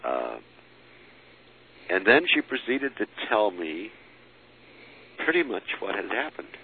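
A man telling a personal story as an interviewee, halting with many fillers and restarts and chuckling as he goes. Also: fairly low pitch, big pitch swings. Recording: lo-fi phone-like recording with faint hiss.

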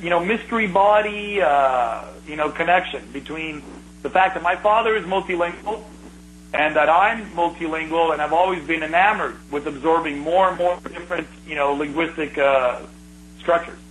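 A middle-aged man telling rambling, animated stories in a casual conversation, restarting his sentences often. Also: a little high, moderate pace, a little hiss or hum, rough recording.

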